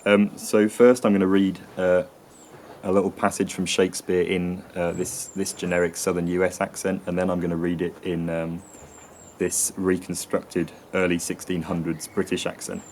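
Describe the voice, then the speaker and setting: Deep, monotone man explaining at length. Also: moderate pace, a little hiss or hum. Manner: hesitant, with many ums and restarts. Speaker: channel host explaining accents. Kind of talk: educational talk to camera.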